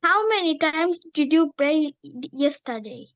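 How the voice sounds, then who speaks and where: High-voiced woman student, halting. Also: animated, muffled recording. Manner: careful, halting repetition of practice sentences. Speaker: language student. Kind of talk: practicing sentences in a lesson.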